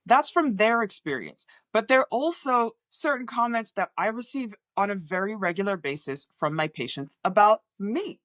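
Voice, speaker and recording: A woman with an international accent that is often mistaken for American talks to camera as a communication coach. Her pitch swings widely, and she acts out patients' remarks in voices. The sound is dry and close to the mic. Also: fairly bright tone, no echo. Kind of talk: direct-to-camera talk.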